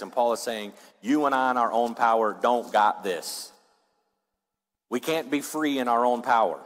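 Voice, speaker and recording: A man preaching a sermon as pastor, swinging from loud rising passages down to low, quiet ones. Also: normal speed. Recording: long reverb of a large hall.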